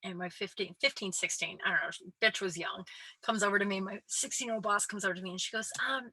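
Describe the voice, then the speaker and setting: Bright-voiced chatty woman telling stories. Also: medium pitch, fairly even intonation, quick pace, breathy edge, no room sound. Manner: chatty, self-deprecating, heavy use of "like", swears casually. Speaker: podcast host and comedian. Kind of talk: casual storytelling monologue.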